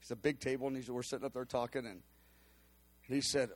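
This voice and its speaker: A man telling a personal testimony in an animated storytelling manner, acting out the quotes with cries and laughs. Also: mid-range voice, quick pace.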